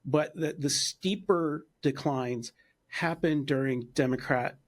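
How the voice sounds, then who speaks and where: A man co-hosting a podcast interview, speaking in a measured way and pausing often to find his words. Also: fairly high pitch. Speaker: podcast co-host. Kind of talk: casual conversational interview.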